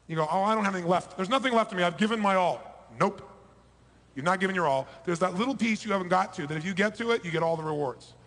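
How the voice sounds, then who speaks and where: At a motivational seminar, a man with a voice pitched high for a male speaker hammers home some points loudly and sinks to a near-whisper on others. The long reverb of a big hall surrounds him as he addresses a live audience.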